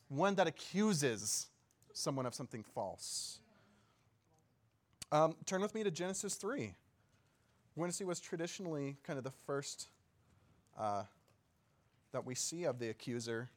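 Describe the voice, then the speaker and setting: A pastor gives a relaxed, conversational sermon. His man's voice sits a touch higher than most, and he keeps checking in with the room through quick questions and easy laughs. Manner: laughs easily and jokes. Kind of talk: casual sermon teaching.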